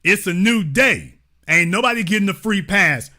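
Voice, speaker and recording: Young guy host going off, bright voice, pitch all over the place, keeps repeating himself. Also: animated, moderate pace. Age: young adult. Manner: combative, repeats phrases, slangy. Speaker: host of a live call-in show. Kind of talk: heated commentary and call-in.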